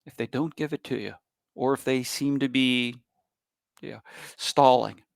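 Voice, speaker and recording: Gravelly, emphatic cybersecurity lecturer. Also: male voice, mid-range voice, a little slow, no echo, clean studio sound. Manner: emphatic and animated, with bursts of loud stress. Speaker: cybersecurity expert giving a talk. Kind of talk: public presentation.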